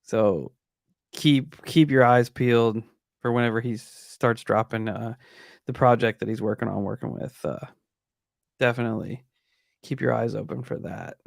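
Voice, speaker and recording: A man's voice: mid-range voice, steady tone, normal speed, creaky, no room sound. Guy hosting a podcast, laid back, lots of uhs, dry close mic. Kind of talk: casual chat.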